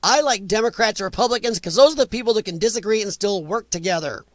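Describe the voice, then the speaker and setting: A man's voice: high-pitched, fast, no echo. A man hosting a casual live stream, ranting bluntly with strong opinions while reading viewer comments.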